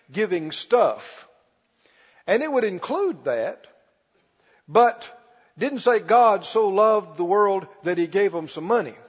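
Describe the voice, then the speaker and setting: A man preaching a sermon as pastor, stretching key words slowly and calling for the congregation to respond. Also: sits high, husky. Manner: preaching with call-and-response, slow emphatic stretches. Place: church. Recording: muffled recording in a reverberant church hall.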